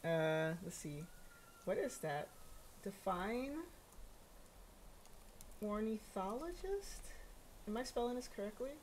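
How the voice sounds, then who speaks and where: A woman's voice: medium pitch, lively intonation, slow, pauses often, darkish tone, slight background noise. A woman in her thirties streaming a game, chatting casually to herself and her viewers with giggles and musings. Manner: chatty, giggly, self-talking. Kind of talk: casual gameplay commentary.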